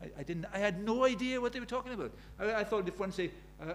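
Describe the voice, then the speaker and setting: Earnest older male preacher, high voice. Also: expressive, fast talker, few pauses. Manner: earnest, swinging between soft and emphatic, acts out quoted prayers. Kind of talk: sermon.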